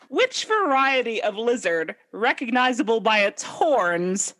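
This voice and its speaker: A woman's voice: on the high side, big pitch swings, slow pace, a bit bright. A woman co-hosting a podcast in casual chat, reading out quiz questions and laughing often. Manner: giggly, playful, laughs a lot. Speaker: podcast co-host.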